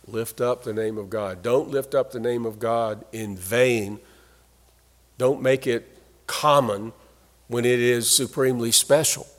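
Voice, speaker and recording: A man preaching a sermon in an earnest, emphatic way, leaning hard on key phrases. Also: medium pitch. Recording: long hall reverb.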